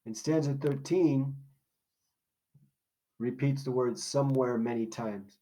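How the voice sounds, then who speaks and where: A man walks through a poem in a recorded lesson. He talks casually, poses questions and then answers them himself, at a middle pitch. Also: slow pace, warm tone, low-quality recording. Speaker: teacher. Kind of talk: recorded classroom lesson walkthrough.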